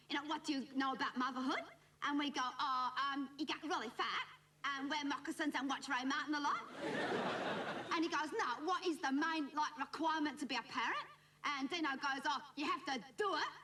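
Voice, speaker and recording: Whiny aussie teen girl, high squeaky voice, bit far off the mic. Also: bright, forceful tone. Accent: Australian. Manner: gossipy, rambling, mimics others. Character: bratty young teenage Australian schoolgirl, cheeky and whingeing. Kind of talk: comic monologue to camera. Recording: noisy old TV recording from a distant mic.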